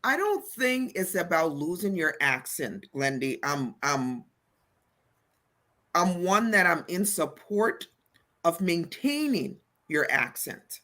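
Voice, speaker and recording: A woman's voice: lowish voice, sing-song, takes it slowly, pushed and bright. A woman from Liberia co-hosting a casual talk show, stating her opinions firmly. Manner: firm, opinionated. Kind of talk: casual panel chat.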